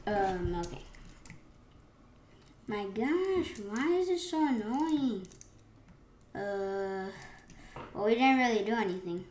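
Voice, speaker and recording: A woman commenting live on her gameplay, excitable, with sudden gasps and rambling restarts. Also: mid-range voice, slow pace, long pauses. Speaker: gaming channel host. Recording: roomy echo with faint keyboard clicks.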